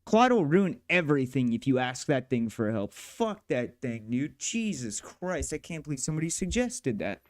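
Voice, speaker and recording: A man's voice: mid-range voice, sing-song, normal speed, hardly any pauses. A man narrating his game development work in a casual devlog, swearing and grumbling in exasperation as he goes. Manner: profane, exasperated grumbling at the software.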